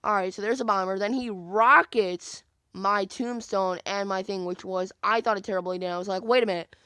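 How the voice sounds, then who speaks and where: A man's voice: sits high, steady tone, moderate pace, pushed and bright, smooth, dry recording. A young man giving casual commentary on his own gameplay, rambling and acting out his own thoughts in quotes with many fillers. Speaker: gaming video creator.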